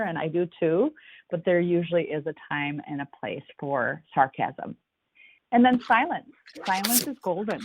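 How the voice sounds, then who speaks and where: A woman presenting an online workshop, talking in a calm, conversational and gently instructive way. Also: on the low side, noisy background. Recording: tinny phone-like audio, dry.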